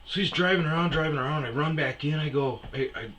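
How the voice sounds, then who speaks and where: Bright-voiced man telling a rambling story. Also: fairly high pitch, fast. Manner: rambling, swears, acts out shouts in the story. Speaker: storyteller host. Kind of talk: casual storytelling. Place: lives on a self-storage property in Arizona.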